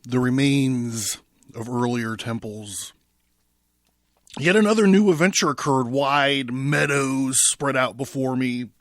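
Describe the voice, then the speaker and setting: A male podcast host reads a book aloud slowly and dramatically. His voice sounds dry and close. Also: mid-range voice, no room sound.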